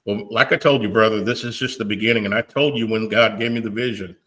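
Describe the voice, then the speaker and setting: A man's voice: lowish voice, fairly even intonation, fast, fairly bright tone, a little hiss or hum. Fervent tearful man hosting. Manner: fervent and emotional, stumbles over repeated words. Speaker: podcast host. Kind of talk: impassioned appeal, preacher-like.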